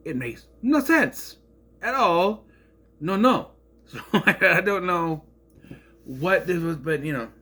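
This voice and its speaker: Guy ranting thru a tv recap, kinda sarcastic, voice jumps all over, a bit high. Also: sharp tone. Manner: sarcastic, rambling, sputters with indignation. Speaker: show reviewer. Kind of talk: casual rambling recap.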